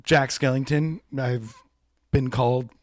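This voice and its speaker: A man's voice: mid-range voice, fairly even intonation, measured pace, no echo, studio quality. A young man co-hosting a podcast in casual chat, animatedly retelling movie scenes and acting out lines. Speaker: podcast co-host.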